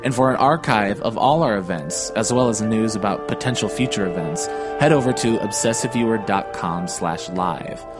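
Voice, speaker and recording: A man reading a scripted podcast outro in a steady, read-aloud way. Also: fairly low pitch, normal speed, few pauses, loud music behind the voice. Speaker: podcast announcer.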